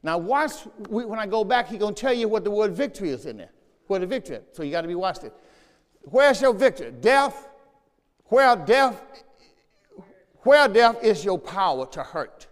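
High-voiced male preacher, repeats lines and gets the room to answer back, big church echo. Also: sing-song, normal speed. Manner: call-and-response preaching, repeats phrases. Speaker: pastor. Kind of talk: sermon. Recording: long church reverb.

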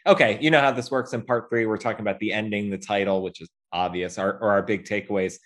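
Brisk man steering a podcast segment. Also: lowish voice, steady tone, a bit bright. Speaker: podcast co-host. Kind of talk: casual film discussion.

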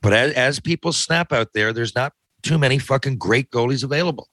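A man's voice: mid-range voice, a little fast, fairly bright tone, no echo. A man hosting a podcast in casual chat, rambling and sardonic, with frequent swearing. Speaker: podcast host.

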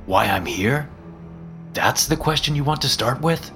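A smug, mocking devil who takes his time, lifted well above the reader's own deep tone, as a man puts him on. He teases with a lively, knowing lilt in a first-person horror story, with faint music underneath. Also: unhurried. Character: smug teasing male devil, calm and knowing.

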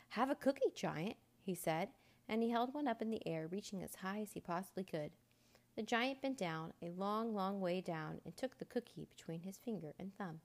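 A woman reading a children's storybook aloud in a steady, expressive narration. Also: lowish voice, creaky.

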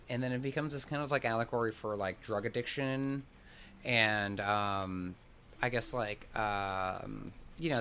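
A relaxed man chatting with friends, his sentences loose and full of "like" and "um". A faint hiss of noise sits under his voice. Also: medium pitch. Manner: laid-back, heavy on "like" and "um". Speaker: podcast co-host. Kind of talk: casual chat.

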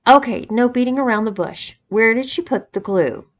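A woman's voice: fairly high pitch, moderate pace, muffled recording, lightly acted. A teasing, blunt young woman, as a reader voices her.

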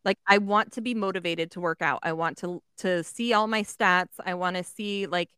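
A woman's voice: lowish voice, steady tone, normal speed, bright, forceful tone, smooth, no room sound, clean studio sound. A woman co-hosting a casual podcast, enthusiastic, swearing, with lots of fillers. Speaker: podcast co-host. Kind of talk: casual chat.

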